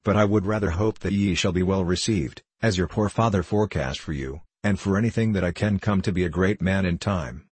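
A man voicing an elderly, kindly, preachy country minister in a storybook reading, speaking in a solemn, measured, old-fashioned way. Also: sits low, darkish tone, husky, dry recording. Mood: earnest counsel.

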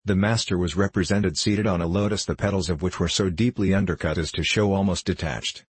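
Audiobook narrator: man, deep, husky, steady storytelling, dry recording. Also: a little fast, dry recording.

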